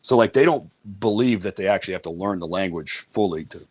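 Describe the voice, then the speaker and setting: A man's voice: deep voice, quick pace, no echo. A man as an interview guest, talking casually with a wry tone and frequent hesitations. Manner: hesitant, many uh fillers, wry.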